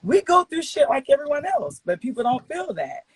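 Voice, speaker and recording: A woman's voice: high voice, wildly swooping pitch, brisk, no echo. A woman in her forties, a talk show guest, speaking candidly in casual chat and telling personal stories with blunt, emphatic, profane language. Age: 40s.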